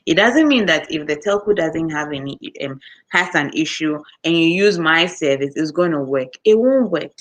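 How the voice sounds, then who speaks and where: A woman with a Ghanaian English accent, chatting casually with her viewers. She tells her stories with a lot of life and slips into the voices of the people in them. Her voice sits a little low. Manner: animated storytelling, acts out customers with quick voice switches and laughter. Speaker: customer service worker, vlogger. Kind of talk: casual chat answering viewer comments.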